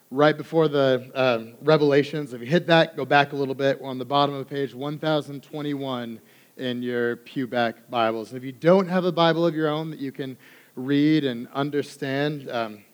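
A young man's voice, rough and hoarse as he recovers from laryngitis, preaches a sermon in a friendly, talky way. His pitch sits in an ordinary middle range for a man. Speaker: pastoral assistant.

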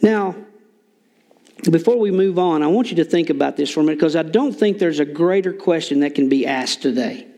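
A man's voice: fairly high pitch, fairly quick, warm tone. An older man preaching an informal sermon in a church, folksy with joking asides and lots of fillers. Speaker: lay preacher.

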